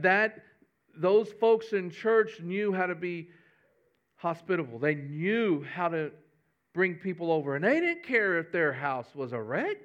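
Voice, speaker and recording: A man's voice: high-pitched, highs cut off. A man, a pastor giving a folksy, conversational sermon with humor.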